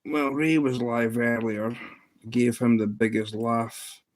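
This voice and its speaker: A man's voice: medium pitch, fairly even intonation, slow pace. A man hosting a livestream, telling a story in a rambling, amused way with lots of restarts. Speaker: livestream host. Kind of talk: casual livestream chat.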